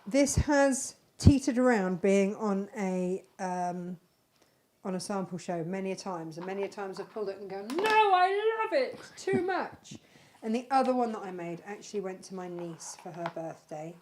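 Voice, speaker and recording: A chatty woman hosts a casual live craft stream, rambling warmly about her handmade pieces. Her voice sits at an ordinary middle pitch. A faint hiss of background noise sits under her voice. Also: moderate pace. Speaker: craft channel host.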